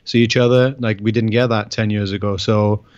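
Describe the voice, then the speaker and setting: A man from the UK co-hosts a casual podcast from a video call, speaking in a lowish, easygoing, measured way. His audio is dull and lo-fi, and dry with no room sound. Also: steady tone, clean tone, no echo. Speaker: podcast co-host. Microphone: Skype call.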